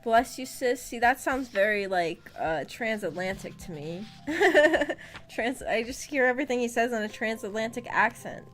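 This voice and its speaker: A woman's voice: fairly high pitch, animated, normal speed, fairly bright tone, faint music behind. A woman streaming a casual book discussion, chatty and often giggling as she reads chat aloud.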